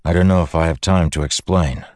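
A man voicing a grave old warlord, very deep. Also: steady tone, brisk, darkish tone, no echo, clean studio sound, close to an everyday voice. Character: weathered older male warlord, grave, measured.

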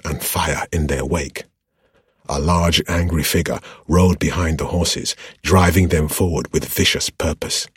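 Super deep husky guy reading an audiobook, dry close sound. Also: no echo. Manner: steady, measured storytelling. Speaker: audiobook narrator. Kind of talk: scripted fantasy narration.

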